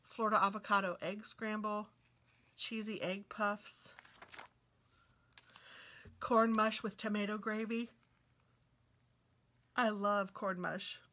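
A woman flips through a cookbook, reading out recipe names in a casual, chatty way and reacting with delighted exclamations. Her voice is bright and forward, at a middle pitch for a woman. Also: steady tone, slow pace, pauses often. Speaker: craft and book video host.

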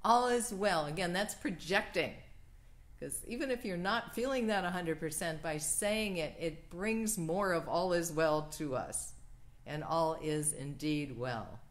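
Woman minister, low and slow, gentle prayerful delivery for a church livestream.

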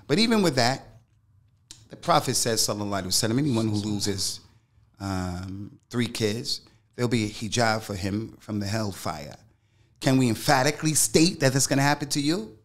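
A man's voice: lowish voice, expressive, normal speed. A middle-aged man, an Islamic scholar, speaking as a guest in an interview. He talks emphatically in casual slang and repeats phrases to drive a point home. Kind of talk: interview storytelling.

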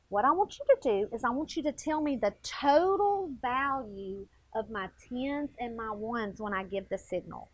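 A woman leads a children's math lesson with a high, sing-song voice that leaps up and down. She is playful and speaks directly to the young viewers. The recording is close and dry. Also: no echo. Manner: playful, animated, talks straight to kids. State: a little out of breath. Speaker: second grade teacher.

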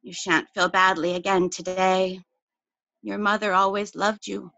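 A woman poet reading her own poem aloud in a measured, even voice. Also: medium pitch, gravelly, no echo. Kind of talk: poetry reading.

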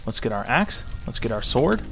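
A man giving excited gameplay commentary, repeating phrases rapidly under pressure. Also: medium pitch, vocal fry. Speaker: gameplay channel host. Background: loud background music.

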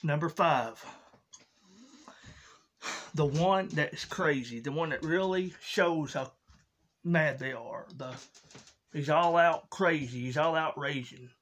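A man narrates his comedy sketches in an unpolished, casual way, stopping to restart his lines. He speaks slowly in a fairly high voice. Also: a bit bright, a little hiss or hum. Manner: slow, unpolished explaining with restarts. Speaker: comedy video creator.

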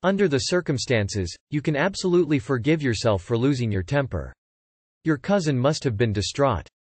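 A man narrating, reading online posts and comments aloud in a steady, matter-of-fact way. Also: mid-range voice, moderate pace, slightly rough, dry recording.

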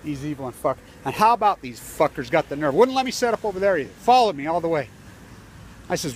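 A man's voice: fairly high pitch, expressive, fast, slightly rough. Angry man ranting outdoors. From United States. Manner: angry, profane, repetitive ranting. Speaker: protester. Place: outdoors by a building entrance.

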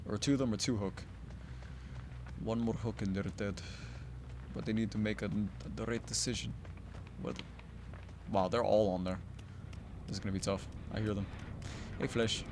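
A man giving live gameplay commentary, muttering under his breath and then yelling profane taunts at other players. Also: lively intonation, normal speed, pauses often, over music. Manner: mutters low, then bursts into loud taunting yells; profane, trash-talking. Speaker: gaming YouTuber.

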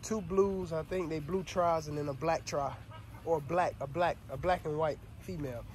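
A man's voice: steady tone, moderate pace, a little hiss or hum. A casual breeder talking to his viewers. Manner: loose, repeats "y'all" and "man", trails off low when upset. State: overwhelmed and frustrated. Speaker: dog breeder and channel host. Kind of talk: casual vlog talk to viewers.

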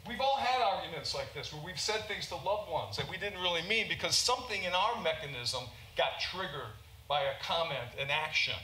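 American doctor giving a talk, a bit high and bright, keeps saying okay, roomy hall with faint hum. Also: male voice, animated, fairly quick. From United States. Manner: informal, often checks in with "okay?". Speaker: physician and conference speaker. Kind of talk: conference lecture. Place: large conference hall.

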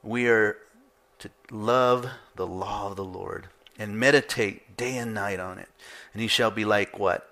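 A pastor preaching a conversational sermon, asking rhetorical questions and repeating points for emphasis. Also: male voice, on the low side, creaky, bright, forceful tone.

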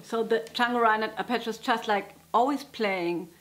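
A woman's voice: a little high, normal speed. A woman giving a casual guitar lesson, chatty and often breaking off to correct herself. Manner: chatty, self-interrupting, laughs at herself. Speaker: guitar teacher. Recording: loud guitar playing behind. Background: guitar playing.

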